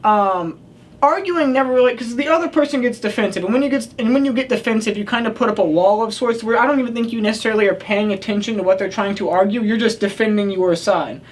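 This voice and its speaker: A woman's voice: on the high side, fast talker, a little hiss or hum. A female radio co-host talks in a casual, rambling way. She laughs often and keeps circling back with "like" and "I mean" as she works through her point. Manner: chatty, laughs, many fillers like "I mean". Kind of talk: casual on-air chat.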